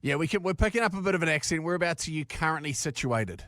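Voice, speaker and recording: A man's voice: fairly high pitch, lively intonation, fast talker, a bit bright, dry recording, studio quality. A man, co-hosting a podcast, joking and teasing with some swearing. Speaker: podcast co-host. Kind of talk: casual podcast chat.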